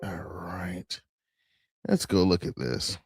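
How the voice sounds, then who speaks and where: A man's voice: low voice, level tone, takes it slowly, darkish tone, husky, dry recording, clean studio sound, soft background music. A man hosting a crypto show, chatting casually and rambling as he clicks through screens. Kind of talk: casual livestream commentary.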